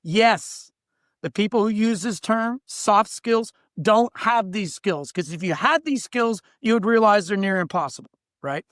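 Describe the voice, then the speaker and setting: A man's voice: high-pitched, lively intonation, unhurried, fairly bright tone, no echo, clean studio sound. A middle-aged man, a workplace coach, telling blunt stories in a podcast interview and acting out the people he quotes. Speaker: diversity trainer and workplace coach. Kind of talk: animated storytelling in a podcast interview.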